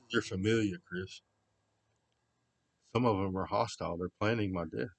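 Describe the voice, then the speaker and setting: A man with a low-pitched voice rambles in unscripted talk. His delivery swings between quiet muttering and loud, repeated shouting. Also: normal speed, gravelly, no echo, poor audio.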